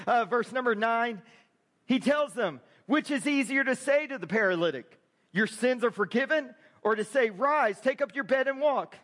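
A man preaching a sermon as a pastor, conversational with quick asides to the congregation. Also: very high voice, a bit bright, big-room sound.

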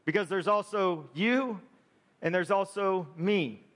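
A man preaching a sermon as a pastor, conversational with quick asides to the congregation. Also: high voice, fairly bright tone, big-room sound.

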